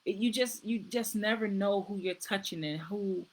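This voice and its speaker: A woman's voice: mid-range voice, normal speed, slightly rough, rough recording. Woman, middle-aged, host, casual talk, earnest, repeats phrases. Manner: warm, earnest, repeats herself. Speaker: nurse practitioner. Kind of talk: casual live-stream talk.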